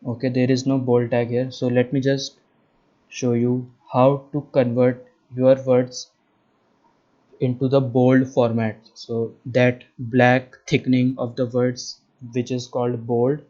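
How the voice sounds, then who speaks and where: Flat-voiced coding instructor with Indian English accent. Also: male voice, medium pitch, slow, lo-fi sound. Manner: patient, repetitive, checks in with "right?". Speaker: web development instructor. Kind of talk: screen-share coding lesson.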